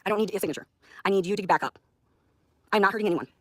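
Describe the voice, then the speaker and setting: A woman's voice: medium pitch, racing, a bit bright. A woman in her thirties from the United States, livestreaming in an agitated, profane and accusatory manner. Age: 30s. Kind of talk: confrontational livestream rant.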